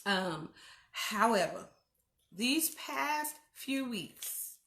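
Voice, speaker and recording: A woman hosts a casual livestream, talking frankly and warmly to her viewers as "y'all". Her voice is bright and clear. The room around her is echoey. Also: fairly high pitch, big pitch swings, drawn-out words. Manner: candid, chatty, addresses viewers as y'all. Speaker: host.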